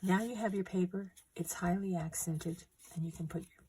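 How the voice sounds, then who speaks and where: A middle-aged woman with a slightly low voice gives gentle, unhurried instructions for a paper craft. A faint hiss sits behind her as she works on the table. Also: steady tone. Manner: gentle, unhurried instructions while working with hands. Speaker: craft tutorial host. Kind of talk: step-by-step craft demonstration.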